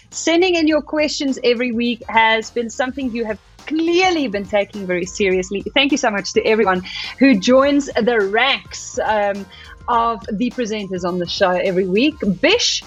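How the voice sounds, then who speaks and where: A woman hosting a cricket show, reading out viewer questions in upbeat scripted links. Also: a little high. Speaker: host. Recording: slightly dull lo-fi with music bed.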